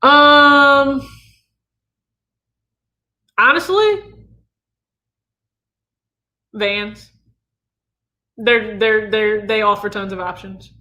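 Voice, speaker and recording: Midwestern man, 30s, channel host; easygoing chat with a sharp, bright tone. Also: sits high, takes it slowly, pauses often. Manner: relaxed, chatty, reads viewer questions aloud. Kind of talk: casual livestream Q&A.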